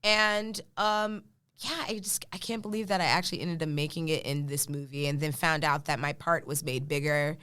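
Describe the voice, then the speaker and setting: A woman telling an animated story in casual chat, acting out the lines of people she quotes. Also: sits low, moderate pace, smooth. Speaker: podcast guest.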